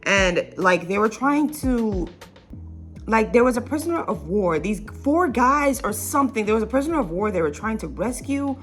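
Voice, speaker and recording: A woman's voice: on the high side, lively intonation, moderate pace, faint music behind. A young woman vlogger telling a childhood story in a casual, rambling way, full of fillers and little laughs.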